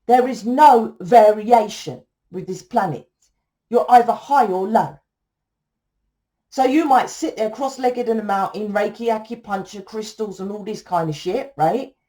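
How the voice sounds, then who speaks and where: A woman's voice: mid-range voice, measured pace, mellow. A woman, a tarot reader in a casual spiritual monologue, blunt and profane, rambling and tagging sentences with "right?".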